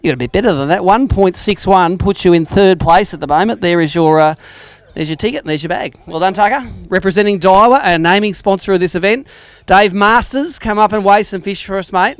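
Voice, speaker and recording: High, clear Australian man hosting a weigh-in. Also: a little fast, no room sound. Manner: chatty, joking banter with anglers. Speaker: tournament weigh-in host. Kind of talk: live weigh-in commentary. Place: outdoor lakeside weigh-in stage.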